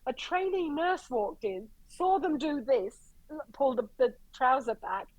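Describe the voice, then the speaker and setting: Irish woman paramedic guest, blunt, animated storyteller, dry close sound. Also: high voice, unhurried, no room sound, poor audio. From Ireland. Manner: animated, blunt, swears freely, acts out quotes. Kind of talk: casual storytelling.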